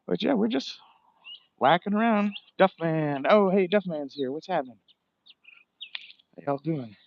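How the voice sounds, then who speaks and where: A man's voice: sits high, lively intonation, a little slow, gravelly, lo-fi sound, a little hiss or hum. A man, livestreaming as he walks outdoors by the water, talking casually, cursing often and ranting, a bit out of breath. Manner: profane, rambling, ranting.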